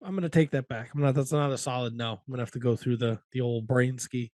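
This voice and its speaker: A man's voice: mid-range voice, fairly even intonation, fast talker, a little mellow, dry recording, clean studio sound. A man co-hosting a podcast in casual chat, cracking jokes and swearing freely. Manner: profane, wisecracking banter. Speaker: podcast co-host.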